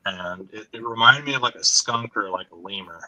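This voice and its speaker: A man telling a woodland encounter story on a podcast, halting and full of fillers, sometimes choked up and dropping quiet. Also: fairly low pitch, dry recording, muffled recording. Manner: halting, frequent "like" fillers, drops to quiet asides.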